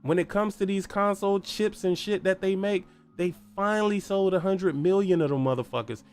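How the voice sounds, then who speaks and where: High-voiced man ranting profanely. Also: moderate pace, darkish tone, smooth, faint music behind. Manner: profane, heated and mocking, with repeated rhetorical questions. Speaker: podcast host. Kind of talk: solo gaming podcast rant.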